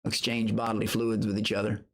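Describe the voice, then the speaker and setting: A man's voice: lowish voice, level tone, moderate pace, fairly bright tone. A man chatting casually on his livestream, boasting and taunting his critics while greeting viewers in chat.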